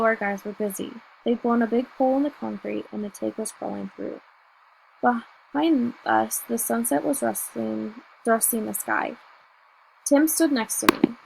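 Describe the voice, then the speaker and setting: A woman reading a novel aloud in first person, telling the story in a steady, measured way. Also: a little high, vocal fry, a little hiss or hum, low-quality recording. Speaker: audiobook reader.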